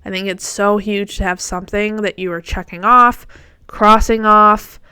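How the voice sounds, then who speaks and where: A woman's voice: medium pitch, steady tone, normal speed, sharp tone, smooth, no echo. Chatty woman hosting a casual podcast. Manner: chatty and encouraging, with fillers and self-corrections. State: morning voice. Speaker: podcast host. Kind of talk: casual solo podcast talk.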